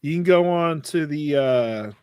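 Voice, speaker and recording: A man co-hosting a podcast, teasing his friends in relaxed chat. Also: a little high, measured pace, smooth, no echo. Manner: laid-back, teasing. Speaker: podcast co-host. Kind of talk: casual chat.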